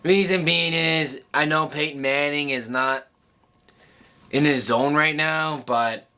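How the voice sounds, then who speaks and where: A man with a bright, forceful tone talks straight to his viewers about the playoffs. He halts often, restarting his sentences and filling gaps with ums. He sounds close to tears. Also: fairly high pitch, fairly even intonation, clear, resonant tone. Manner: halting, many ums and restarts, choked up. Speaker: sports vlogger. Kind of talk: casual emotional monologue.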